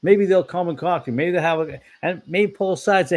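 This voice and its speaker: This online fellowship discussion host is a man with a high voice who talks fast with few pauses. His preaching is loose and rambling, full of blunt opinions and frequent self-corrections.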